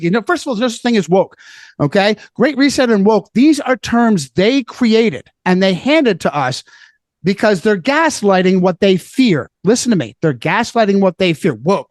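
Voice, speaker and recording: A man's voice: sits high, no room sound. A man speaking as a podcast guest, emphatic and preachy, hammering his points by repeating phrases in casual chat.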